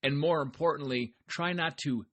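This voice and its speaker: A man's voice: fairly high pitch, moderate pace, fairly bright tone. Upbeat chatty male podcast host. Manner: upbeat, chatty, talks straight to listeners. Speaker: farmer. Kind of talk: casual motivational monologue.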